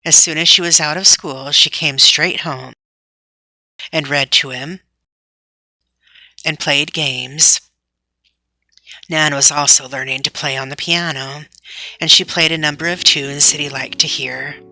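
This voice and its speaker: A woman narrating a children's book in a clear, measured reading. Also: low-pitched, steady tone, bright, forceful tone, no echo, rough recording. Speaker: audiobook reader. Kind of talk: storybook narration.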